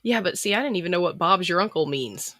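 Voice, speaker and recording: Bright-voiced Floridian with slight drawl. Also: medium pitch, expressive, fast talker, dry recording, clean studio sound. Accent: slight Southern US drawl from Florida. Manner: easygoing and unsure, hedges a lot. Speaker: guest, video maker. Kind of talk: casual conversation.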